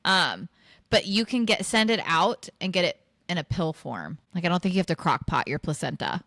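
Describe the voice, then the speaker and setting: A woman's voice: fairly low pitch, sing-song, normal speed, fairly bright tone, no echo, clean studio sound. A woman co-hosting a podcast, talking casually with lots of fillers and laughs. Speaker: podcast co-host. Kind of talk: casual chat.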